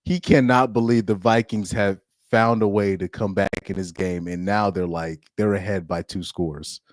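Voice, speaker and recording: A man's voice: low-pitched, fairly even intonation, normal speed, no echo, studio quality. A man hosting a casual live stream, reacting to a football game and laughing often as he rambles. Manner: laughs often, loose and rambling with many restarts.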